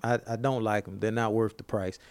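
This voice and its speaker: A man's voice: lowish voice, a little fast, no room sound, studio quality. A man with co-hosting a casual podcast, telling stories animatedly and acting out quotes. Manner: animated storyteller, acts out quotes. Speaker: podcast co-host.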